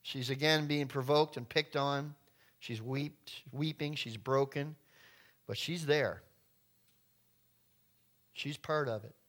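A man's voice: medium pitch, steady tone, slow pace, pauses often, fairly bright tone. A middle-aged man preaching a conversational sermon, often acting out voices and asides. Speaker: pastor.

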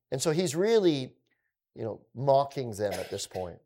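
A man teaching through a scripture passage in a conversational way, with relaxed asides. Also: mid-range voice, moderate pace.

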